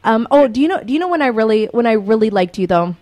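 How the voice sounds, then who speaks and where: A young woman co-hosting a casual radio show, bubbly and quick to laugh. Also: on the high side, expressive, a little mellow. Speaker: radio co-host.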